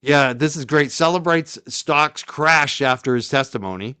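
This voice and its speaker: A man hosting a live stream, reacting to a video in loud, heated commentary and ranting close to his mic. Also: on the high side, a little slow, smooth, no echo.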